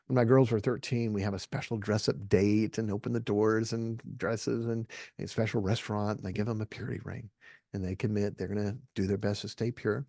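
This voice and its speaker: A man's voice: fairly low pitch, steady tone, brisk, vocal fry, a little mellow, no room sound, studio quality. A middle-aged man giving an earnest, folksy Christian talk to a live audience, often checking in with "okay?". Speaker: Christian speaker.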